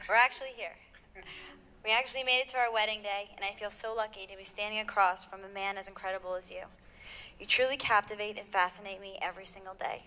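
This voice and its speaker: Young bride saying her vows, earnest and sweet, bright tone. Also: medium pitch. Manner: heartfelt, earnest, with light laughs. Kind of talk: reading wedding vows. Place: wedding ceremony venue.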